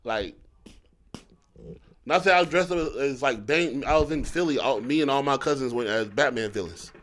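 A man's voice: medium pitch, moderate pace, fairly bright tone. A young man co-hosting a podcast, joking and laughing through casual stories. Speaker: podcast co-host. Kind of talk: casual chat.

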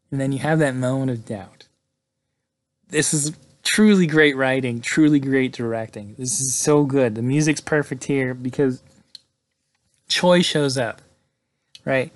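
Chatty man excitedly recapping a movie. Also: medium pitch. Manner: chatty, excited, fills with "like" and "right?". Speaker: movie reviewer.

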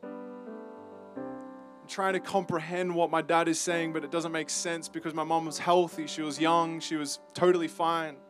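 Earnest Australian man, slightly high voice. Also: little pitch movement, music in the background. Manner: earnest, halting, emotional storytelling with restarts. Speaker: campus ministry speaker. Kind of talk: personal testimony sermon.

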